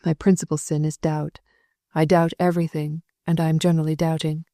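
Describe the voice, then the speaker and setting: A woman's voice: low voice, little pitch movement, brisk, mellow, no room sound, studio quality, close to an everyday voice. A woman reading an awkward doubting young man. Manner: hesitant, plain, self-conscious.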